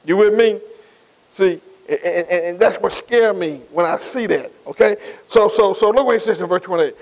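In poor-quality audio, a high-pitched man with a darkish tone delivers a sermon at a moderate pace. He builds through repetition and frequent rhetorical questions, preaching in a call-and-response manner to his congregation.

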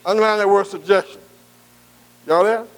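A man's voice: high voice, fairly even intonation, moderate pace, low-quality recording. A man preaching a sermon as pastor, in a call-and-response style that keeps quizzing the congregation and asking "amen". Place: church.

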